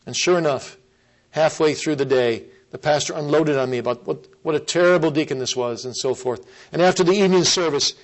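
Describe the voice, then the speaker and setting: A man preaching a sermon, earnest and emphatic, repeating key phrases and slowing down to stress them. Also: a little high, rough recording.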